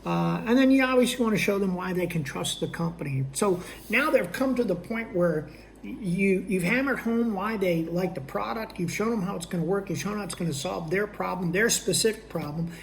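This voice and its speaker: A man's voice: sits high, moderate pace, creaky, slight background noise. A man teaching a sales technique in a conversational way, checking in with his listeners as he goes and acting out both sides of a sales conversation. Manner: conversational, checks in with "okay?" and "all right?". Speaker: sales trainer. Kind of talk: instructional talk.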